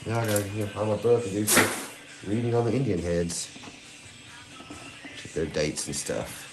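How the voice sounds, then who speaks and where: A man, hosting a live stream and chatting excitedly with viewers. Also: fairly low pitch, moderate pace, over music. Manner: excitable, giddy, chats to viewers. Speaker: livestream host hunting coins. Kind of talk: casual live-stream chat.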